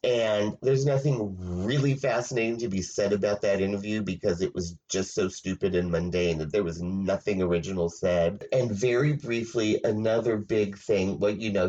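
Sarcastic low-voiced man, lo-fi sound. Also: darkish tone. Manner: sarcastic, mocking, laughs often. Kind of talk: casual commentary. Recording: dull lo-fi sound.

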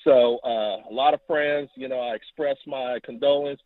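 Animated man on a phone line. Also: moderate pace, no room sound. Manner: animated, acts out quotes with rising pitch. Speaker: caller. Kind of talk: phone-in storytelling. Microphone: telephone.

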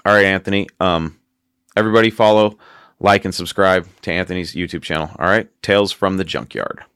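Man, deep voice, casual podcast host, rambling, laughs a lot, dry sound. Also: fairly quick, fairly bright tone, smooth, no room sound. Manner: rambling, laughs often, storytelling.

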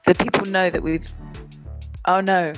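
A woman musician, a guest on a radio show, talks in a lower voice and a chatty, loose way. She often breaks off mid-thought and laughs, with faint music in the background. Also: flat delivery, unhurried. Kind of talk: casual interview chat. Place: London, remote call.

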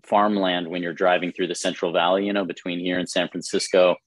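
A man's voice: deep voice, little pitch movement, brisk, dry recording. A man chatting casually and earnestly, rambling a little with many fillers. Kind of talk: casual chat.

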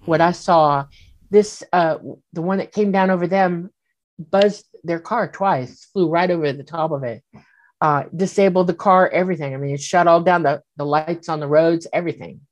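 Woman guest, lowish voice, animated storyteller, acts out the voices she quotes. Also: normal speed. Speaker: guest recounting an experience. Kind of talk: casual storytelling.

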